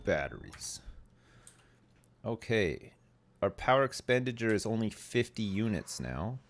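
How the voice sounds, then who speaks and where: A man streaming a game live, rambling and joking casually. His voice sits low and relaxed as he talks. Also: normal speed.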